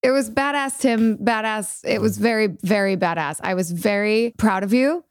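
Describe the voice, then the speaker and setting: A woman's voice: medium pitch, moderate pace, clean tone. A woman co-hosting a casual podcast, effusive and enthusiastic, heaping praise on her co-host.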